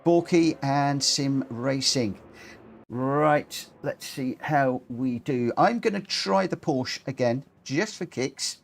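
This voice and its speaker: A man hosting a live racing game stream, talking in a chatty, rambling, self-deprecating way. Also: on the high side. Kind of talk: casual live-stream commentary.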